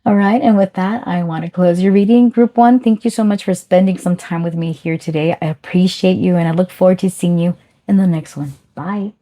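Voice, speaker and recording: Woman, tarot reader, chatty and affectionate, lowish pitch, mellow tone. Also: fairly quick. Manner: chatty, affectionate, calls listeners honey. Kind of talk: pick-a-card tarot reading.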